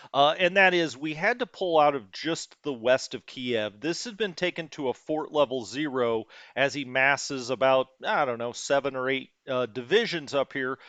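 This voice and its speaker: A man's voice: mid-range voice, fairly bright tone, dry recording. A man hosting a strategy game stream, casually thinking aloud and correcting himself as he plans his moves. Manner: musing and thinking aloud, with many fillers and self-corrections. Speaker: host.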